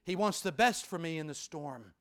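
A man preaching a sermon as pastor, with rhythmic repetition and sudden drops from loud to hushed. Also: fairly high pitch, expressive, normal speed.

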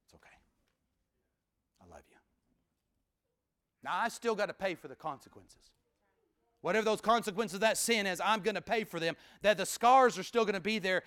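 A man preaching a sermon in a folksy, conversational way, swinging from loud emphatic bursts to hushed near-whispers. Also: high voice, fairly quick, smooth. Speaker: pastor.

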